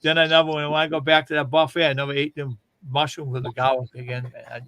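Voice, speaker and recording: A man's voice: fairly high pitch, little pitch movement, fast, a bit bright. A man casually telling long, rambling funny stories on a livestream and laughing as he goes. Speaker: livestream host. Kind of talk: casual storytelling chat.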